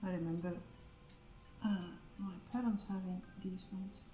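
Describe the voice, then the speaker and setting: A woman's voice: mid-range voice, steady tone, a little slow, echoey room, a little hiss or hum. A woman art streamer chatting casually as she draws, scattered and self-mocking, and she swears freely. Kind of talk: casual live-stream chat while drawing.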